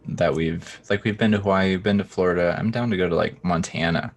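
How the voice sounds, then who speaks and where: A man's voice: deep voice, fast talker, creaky. A man who works as a stenographer, chatting casually in an easygoing, agreeable way. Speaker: stenographer guest. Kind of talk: casual chat.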